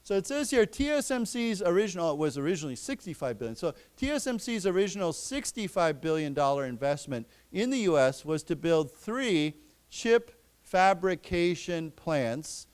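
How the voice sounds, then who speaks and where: A man teaching English to a class, explaining words and repeating them slowly for his students. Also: high-pitched, very animated, clean tone. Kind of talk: classroom lesson. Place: library lecture room.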